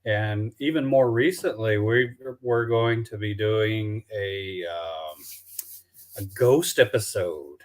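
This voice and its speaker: A man from Alabama with a Southern accent, chatting loosely on a video call about his documentary work, halting with many restarts and fillers. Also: on the low side. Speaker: documentary filmmaker guest. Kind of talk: casual live-stream chat.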